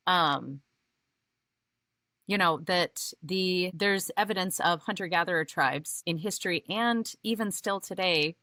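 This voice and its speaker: A woman's voice: fairly low pitch, unhurried, pushed and bright, no echo. A middle-aged woman co-hosting a podcast, talking earnestly and reading book passages aloud. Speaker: podcast co-host. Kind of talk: casual podcast conversation with read-aloud passages.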